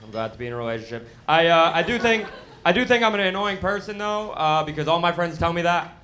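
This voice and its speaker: A young American man with a lisp delivers stand-up in a bright, slightly raised voice. His self-mocking lines come out deadpan into a handheld stage mic, with a comedy club audience laughing around him. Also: a little high, fast talker, a little hiss or hum. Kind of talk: stand-up set.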